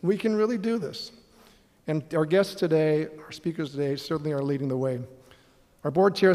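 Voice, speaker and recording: A middle-aged man moderates a conference panel on stage, his pitch slightly raised and his tone a little mellow, earnest and upbeat. He pauses on an occasional "um," and his voice carries a long reverb from the big hall.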